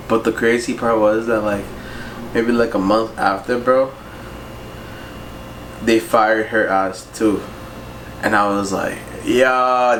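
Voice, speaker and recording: A young man's lowish, somewhat bright voice carries a laid-back job storytime for his vlog, full of slang, profanity, and "bro" and "like." The recording has a roomy echo and faint noise.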